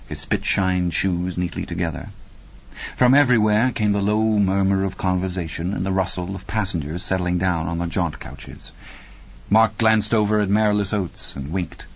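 Man, deep voice, steady audiobook narration, dull muffled recording. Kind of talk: scripted narration.

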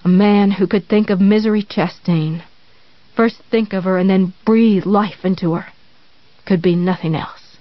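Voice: mid-range voice, fairly even intonation, a little slow, no room sound, lightly acted. An obsessive, unstable woman caretaker speaks in an earnest, cloying, prim way, as an audiobook narrator puts her on. The menace sits under the sweetness. The recording is dry and a little dull. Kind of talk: audiobook reading.

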